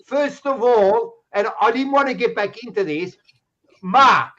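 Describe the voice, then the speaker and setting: A man's voice: extremely high pitch, measured pace, pushed and bright, muffled recording. An Australian man co-hosting a football podcast, ranting bluntly and swearing as he argues his point. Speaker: podcast co-host. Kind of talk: heated footy banter.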